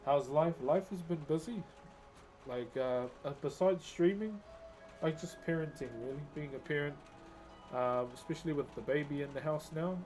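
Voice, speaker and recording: This man's voice is on the high side with a somewhat dark tone, moving at a moderate pace over quiet background music. He talks casually with live-stream viewers, easygoing and joking, spinning funny stories and laughing a lot.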